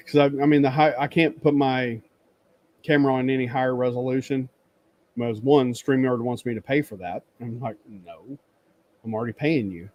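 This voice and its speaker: A man's voice: medium pitch, fairly even intonation, normal speed, darkish tone, dry recording. A man hosting a casual livestream chat, telling a rambling story, laughing often and acting out the greetings he traded. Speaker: livestream host. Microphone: webcam stream setup.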